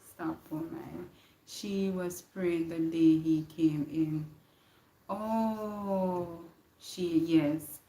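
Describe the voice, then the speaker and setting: Jamaican lady chatting on a live stream, slow talker, echoey room, repeats herself a lot. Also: on the low side, fairly even intonation. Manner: warm, repeats words, greets viewers by name. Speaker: livestream host. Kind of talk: casual live-stream chat with viewers.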